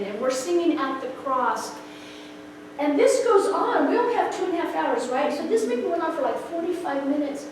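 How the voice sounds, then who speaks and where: Woman, middle-aged, personal testimony, expressive storytelling, acts out the people in her story, distant mic, very echoey room. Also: sits high. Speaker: speaker sharing a personal testimony. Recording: echoey room, far from the mic, background noise.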